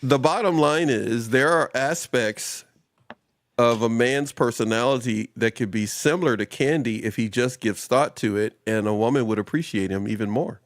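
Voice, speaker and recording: A man's voice: medium pitch, moderate pace, no room sound. A man hosting a casual panel chat on a live stream, teasing his guests and laughing often. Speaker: host. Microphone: video call.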